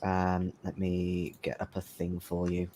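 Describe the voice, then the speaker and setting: A man's voice: low voice, completely flat delivery, unhurried, mellow, slight background noise. A man narrating as game master of a tabletop horror game, hesitant and full of ums.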